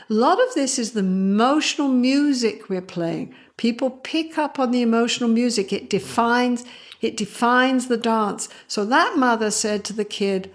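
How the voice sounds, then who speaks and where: A woman psychologist speaking as an interview guest, telling stories in a lively way, acting out other people's voices and laughing often. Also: on the high side, moderate pace. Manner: animated, acts out quoted voices, laughs often. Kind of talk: conversational interview storytelling.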